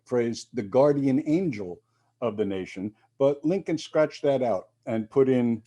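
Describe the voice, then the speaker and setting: A man's voice: medium pitch, lively intonation, measured pace, mellow, breathy edge. A male minister giving a reflective sermon, with quoted readings and casual asides.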